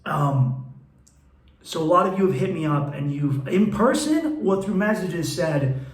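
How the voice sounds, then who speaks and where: A man's voice: sits high, measured pace. A man who is a comedian and podcast host, telling stories in a blunt, profane and candid monologue. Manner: profane, blunt, animated storytelling. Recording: roomy echo.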